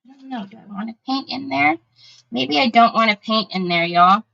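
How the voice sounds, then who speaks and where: A woman's voice: on the high side, lively intonation, normal speed, creaky, sharp tone, lo-fi sound. A woman hosting a casual craft livestream, chatting with viewers as she works and thinking aloud.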